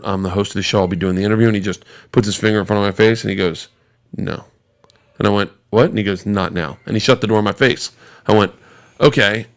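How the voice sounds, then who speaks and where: Profane, animated man telling a story. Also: on the low side. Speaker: podcast guest, comedian. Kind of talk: casual storytelling anecdote.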